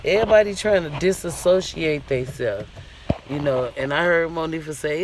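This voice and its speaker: A man's voice: a little high, normal speed, creaky. Indignant man ranting, faint traffic behind. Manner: indignant, profane, questioning. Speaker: vlogger. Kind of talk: casual commentary rant.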